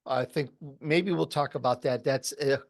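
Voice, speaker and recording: A man's voice: mid-range voice, moderate pace, vocal fry, dry recording. Man hosting a podcast, dry sound. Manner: conversational, uses fillers like "like". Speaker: podcast host. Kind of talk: casual interview chat.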